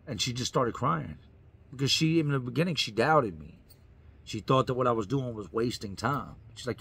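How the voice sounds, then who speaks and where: A man's voice: mid-range voice, animated, a little fast, vocal fry, fairly bright tone, slightly rough. A man, a YouTuber, telling his own story in an earnest, emphatic way, repeating lines for effect. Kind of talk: personal storytelling to camera.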